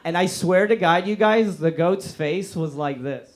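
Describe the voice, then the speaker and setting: A young man performing stand-up comedy at a live show, animated and laughing between jokes. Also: high voice, unhurried, slight background noise. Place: live comedy room with an audience.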